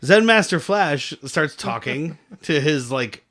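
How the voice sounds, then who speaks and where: Brief: male podcast co-host, loose rambling recap, slightly higher pitch. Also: lively intonation, slow pace, a bit bright. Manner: rambling, laughs often, swears. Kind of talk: casual movie-review chat.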